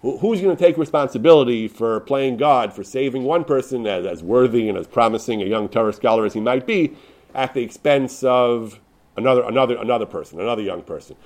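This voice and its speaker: A man's voice: medium pitch, fairly quick, darkish tone. A man teaching through a story, explaining religious law, often repeating words as he goes. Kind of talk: storytelling lesson.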